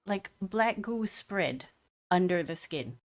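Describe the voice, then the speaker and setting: A woman game master with a lowish voice. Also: animated, slow pace. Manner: descriptive, with many fillers and restarts. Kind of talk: narrating a tabletop game.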